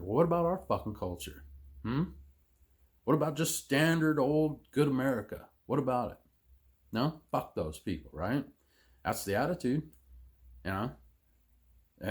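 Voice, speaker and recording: A man delivering an angry, sarcastic, profanity-heavy rant as a vlogger. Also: fairly low pitch. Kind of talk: profane political rant to camera.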